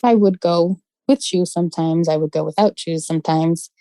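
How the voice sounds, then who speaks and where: Here a guest storyteller from West London shares a childhood ghost story in relaxed, conversational speech, animatedly voicing the people she quotes. She speaks at a normal speed with a fairly low pitch. There's no echo, though the recording quality is low.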